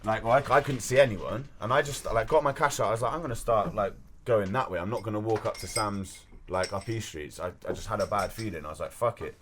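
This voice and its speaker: A man's voice: on the low side, fast, few pauses, fairly bright tone, a little hiss or hum. A young man with a Bristol accent, casually telling a rambling story on a podcast and swearing freely. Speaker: podcast guest. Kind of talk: casual chat.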